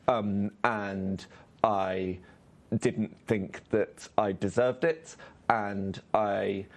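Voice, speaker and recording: Low-voiced guy, stop-start interview answers, lots of um and uh. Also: creaky. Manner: halting, many restarts and fillers. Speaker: interview guest, screenwriter. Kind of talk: conversational interview. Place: on stage at a live festival event.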